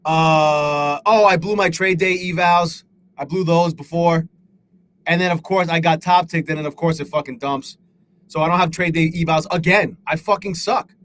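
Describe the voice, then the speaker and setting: On a live trading stream with slight background noise, a man speaks in a voice on the high side and a bit bright. He rambles, swears, criticizes himself, and reads out the names of people chatting.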